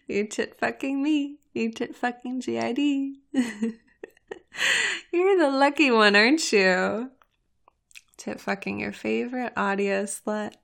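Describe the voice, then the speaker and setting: Slow, giggly woman with a fry-edged voice. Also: fairly high pitch, fairly bright tone. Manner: giggly, moaning, breathy and intimate. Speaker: audio performer. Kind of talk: intimate erotic audio role-play.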